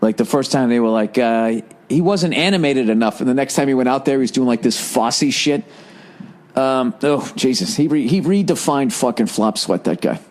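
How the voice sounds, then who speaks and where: A man rambling through a solo podcast rant, swearing freely and dripping with sarcasm. His voice sits at an ordinary, mid-range pitch for a man. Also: moderate pace, a little mellow. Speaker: podcast host. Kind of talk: solo ranting monologue.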